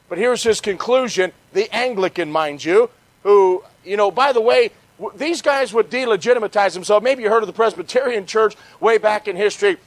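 Middle-aged male evangelist, high voice, dry close sound, passionate lecturing preacher who calls for amens. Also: lively intonation, moderate pace, dry recording. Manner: passionate, peppered with "amen?". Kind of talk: history lecture sermon. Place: church conference.

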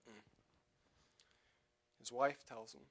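A young man preaching a sermon in church, loud when quoting scripture and quieter and halting in his personal asides. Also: medium pitch, fairly even intonation. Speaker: lay preacher.

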